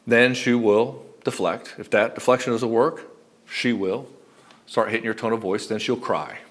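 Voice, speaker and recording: A man's voice: mid-range voice, fairly even intonation, normal speed, fairly bright tone. A man giving relationship advice as a coach, speaking bluntly and emphatically, with frequent swearing. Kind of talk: direct-to-camera advice monologue.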